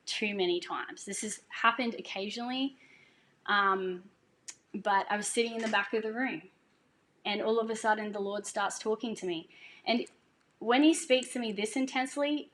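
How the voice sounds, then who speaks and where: Woman, casual testimony, earnest, emotional, mid-pitched voice, faint background hiss. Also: a bit bright. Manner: earnest and emotional, laughing as she talks. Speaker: singer sharing a testimony.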